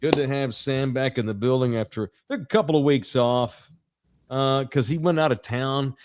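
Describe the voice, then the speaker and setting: A man's voice: mid-range voice, normal speed, darkish tone. A middle-aged man, a podcast co-host, telling a raunchy story in casual chat with lots of laughs.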